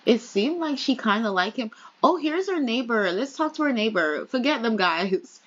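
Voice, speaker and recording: A woman's voice: on the high side, expressive, normal speed, fairly bright tone. A woman casually commenting on a life-simulation game, chatty and voicing her characters' small talk. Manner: chatty, voices her characters' banter in quotes. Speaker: let's play gamer. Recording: slightly dull lo-fi audio.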